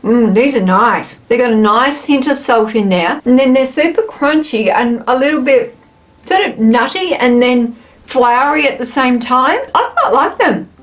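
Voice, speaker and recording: A woman's voice: high voice, normal speed, echoey room, low-quality recording. An Australian woman chatting playfully through a casual taste-test vlog while cooking at home. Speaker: food vlogger. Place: home kitchen.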